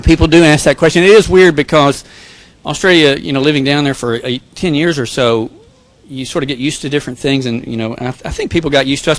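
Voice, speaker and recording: A man's voice: on the high side, dry recording. Joking self-deprecating male pastor. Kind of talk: sermon with personal stories.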